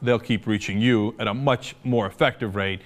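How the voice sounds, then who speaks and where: A man's voice: on the low side, steady tone, moderate pace. A man giving impassioned, sarcastic political commentary, arguing his point hard. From United States.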